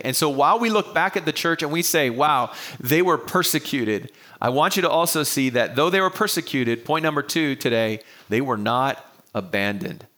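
Earnest preacher man with a bright voice. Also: medium pitch. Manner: earnest, repeats key phrases for emphasis. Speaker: pastor. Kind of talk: sermon. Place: preaching to an online audience.

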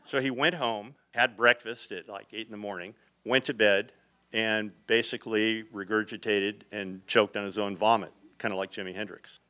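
Bright-voiced older man telling stories. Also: lowish voice, moderate pace, dry recording. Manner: lively, rambling, with restarts and acted quotes. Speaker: photographer. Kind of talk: anecdotal storytelling to a live audience.

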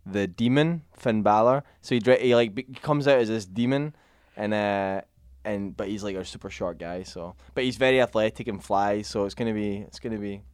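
Laid-back man talking things through, clear and smooth, no room sound. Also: lowish voice, normal speed, dry recording. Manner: explains at length with fillers and restarts. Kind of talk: casual chat.

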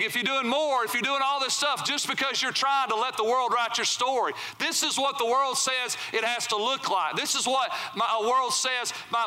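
A man's voice: extremely high pitch, bright, forceful tone. A male pastor preaching a sermon in church, talking conversationally and often asking the congregation "right?". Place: church sanctuary.

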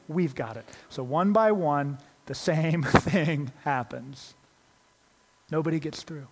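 A man's voice: on the high side, husky, big-room sound. A male pastor giving a sermon, telling a story from his youth and acting out the voices in it. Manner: animated, acts out quoted voices in the story.

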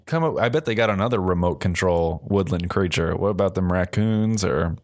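A man hosting a casual comedy podcast, telling stories with lots of laughter and quick jokes. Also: low-pitched, no echo, clean studio sound. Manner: animated, laughing storyteller. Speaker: podcast host presenting gadgets.

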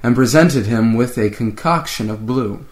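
A man reads a rhyming holiday story aloud with a co-host, trading verses. His reading is lively, and he lifts his voice whenever a character speaks. His pitch sits in the middle of the male range. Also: normal speed. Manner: lively reading, raising his voice for quoted lines. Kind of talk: alternating rhyming poem reading.

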